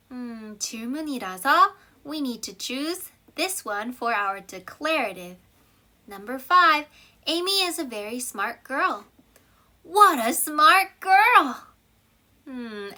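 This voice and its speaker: A woman's voice: fairly high pitch, sharp tone. A woman with a Korean accent teaching an English grammar lesson, switching between English and Korean and reading example sentences with big expression.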